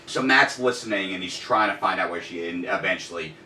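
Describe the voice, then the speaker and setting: Young guy retelling comic scenes on a podcast, low voice, echoey room a bit far from the mic. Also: a little fast. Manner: animated storyteller, acts out quotes. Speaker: podcast co-host. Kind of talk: casual comic book discussion. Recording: roomy, distant mic, faint hiss.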